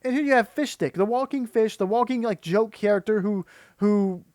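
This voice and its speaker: A man's voice: high voice, normal speed, a little mellow, dry recording, clean studio sound. A man who does voice acting, giving an exasperated, critical commentary rant that rambles with many restarts. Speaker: YouTuber and voice actor.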